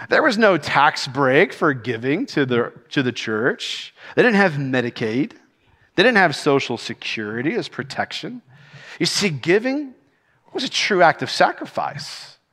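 Laughing as he tells stories, a middle-aged senior pastor delivers an animated sermon. He speaks unhurriedly in a fairly high voice, and a long reverb tail follows his words.

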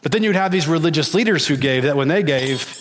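A man's voice: on the high side, expressive, fast talker, music in the background. A man preaching a sermon as pastor, earnest and emphatic, pressing his listeners with repeated appeals. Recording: long reverb of a large hall.

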